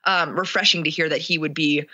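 Woman, lower voice, bright tone; casual friend-interviewer with a thoughtful, meandering style. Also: fairly even intonation, a little fast, muffled recording. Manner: thoughtful, winding questions. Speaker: guest friend asking questions. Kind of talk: casual chat between friends.

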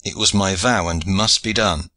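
A man's voice: deep voice, moderate pace, bright, forceful tone, dry recording. A man voicing a gallant, pious old knight commanding his men, in courtly old-fashioned speech.

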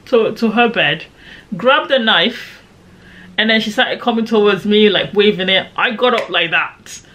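Animated young woman telling a story. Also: mid-range voice. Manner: animated, dramatic retelling with quoted shouts. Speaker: storyteller vlogger. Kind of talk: casual storytime.

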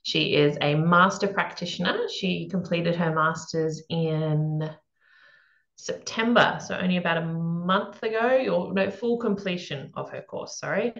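A woman with a low, gravelly voice hosts a podcast in a relaxed, chatty way. She laughs easily and rambles with fillers. The sound is roomy and a bit dull. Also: unhurried. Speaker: podcast host. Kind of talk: casual interview chat. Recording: echoey room, dull lo-fi sound.

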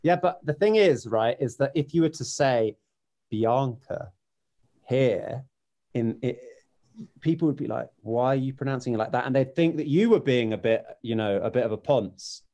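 Soft-spoken man, mellow tone. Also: mid-range voice, expressive, normal speed. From United Kingdom. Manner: hesitant, thoughtful, trails off softly. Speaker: podcast host. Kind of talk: casual interview chat.

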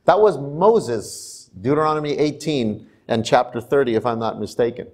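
Male pastor, mid-pitched voice, relaxed storytelling sermon in a church. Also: normal speed. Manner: conversational, laughs at himself while telling stories. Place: church sanctuary.

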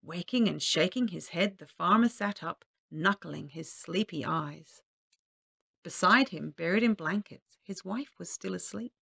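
Woman, storybook reading, gentle lilting delivery, gravelly edge, dry close sound. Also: on the low side, measured pace, no echo. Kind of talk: storybook read-aloud.

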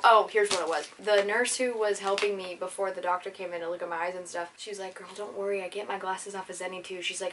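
This voice belongs to a young woman vlogging to camera. She talks in a chatty, animated way and slips into other people's voices as she retells her day. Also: medium pitch, a little hiss or hum. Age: young adult. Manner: chatty and animated, acts out voices in retold dialogue. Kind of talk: casual storytelling vlog.

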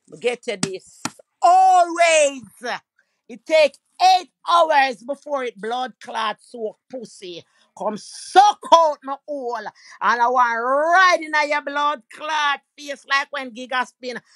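Jamaican woman, fierce profane rant; high, bright, forceful delivery. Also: no room sound. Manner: loud, aggressive, profane ranting with mocking insults. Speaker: social media personality. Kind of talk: angry diss rant to camera.

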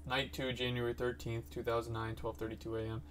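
Young man, horror reaction host, jumpy and frightened, mid-pitched. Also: completely flat delivery, fast. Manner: frightened, exclaiming. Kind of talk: reaction commentary.

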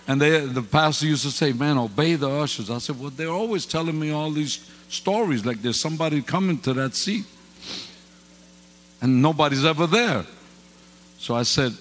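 A man preaching a storytelling sermon as pastor, swinging from quiet asides to loud exclamations, speaking into a microphone in a church sanctuary. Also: medium pitch, moderate pace. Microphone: handheld or stand mic. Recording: reverberant church hall with faint hum.

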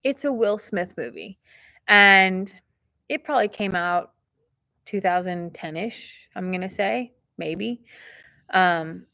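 A woman hosting a casual vlog, opening mail from viewers and talking warmly and emotionally, close to tears at times. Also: medium pitch, takes it slowly, vocal fry, no room sound. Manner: chatty and emotional, near tears.

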